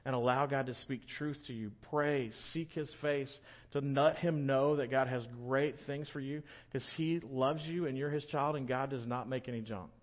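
A male pastor preaches in a relaxed, joking, storytelling way. His voice sits at a middle pitch. The recording is dull and lo-fi. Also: normal speed, few pauses. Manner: conversational, joking, animated storytelling. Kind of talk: sermon.

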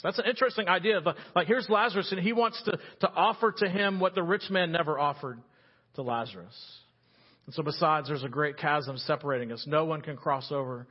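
Guy preaching a sermon, husky breathy voice, kinda high, gets loud then quiet, muffled recording. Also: brisk. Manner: animated, swings between loud emphasis and hushed earnestness. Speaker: pastor.

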